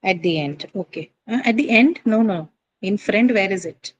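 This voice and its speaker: A woman teacher giving a classroom lecture, explaining step by step and often checking understanding with quick "right?" and "okay?" questions. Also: mid-range voice, expressive, muffled recording. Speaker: English teacher. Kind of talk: classroom lecture on word stress.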